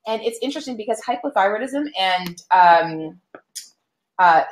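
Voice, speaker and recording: Upbeat woman hosting a live stream. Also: fairly high pitch. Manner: upbeat, greets viewers, many fillers. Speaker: webinar host. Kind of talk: casual live-stream chat. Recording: echoey room.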